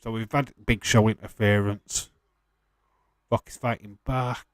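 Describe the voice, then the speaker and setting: A man's voice: on the low side, fairly even intonation, measured pace, dry recording. A man hosting a live watch-along stream, chatting casually, answering viewer questions with frequent laughs and the odd swear.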